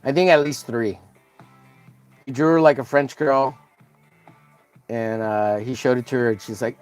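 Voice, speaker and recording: A man's voice: medium pitch, steady tone, unhurried, long pauses, a little mellow, clean tone, dry recording, faint music behind. A man hosting a casual drawing livestream, joking crudely and greeting viewers by name as he works. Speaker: livestream host.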